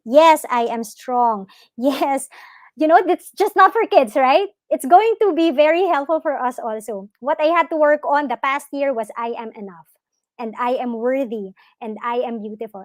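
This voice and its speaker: Here a fairly high-voiced woman guides parents through a live web talk on yoga and mindfulness, keeping her tone soft and supportive while regularly questioning her listeners. The recording is close-miked and completely dry, free of any room ambience.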